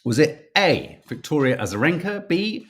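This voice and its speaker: A British man co-hosts a podcast, running a casual live-stream quiz for viewers in a sing-song, somewhat high and bright voice at a moderate pace. He's chatty and self-mocking, stumbling over names as he reads.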